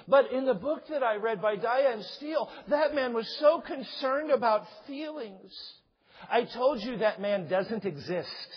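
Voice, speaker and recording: A man preaching a sermon as pastor, animated, swinging between quiet asides and loud shouted points, quoting scripture and acting out stories. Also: sits high, slightly rough, big-room sound, highs cut off.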